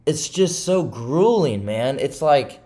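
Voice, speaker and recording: A man's voice: medium pitch, animated, slow pace, dark tone. A young man vlogging about day trading, rambling and frustrated, repeating questions as he vents. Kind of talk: casual confessional monologue.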